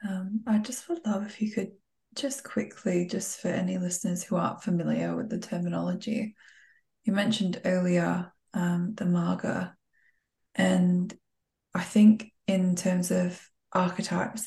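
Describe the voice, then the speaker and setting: A woman hosting a podcast, asking gentle, reflective questions of her guest. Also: fairly low pitch, level tone, measured pace, creaky. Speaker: podcast host. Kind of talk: interviewing. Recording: echoey room.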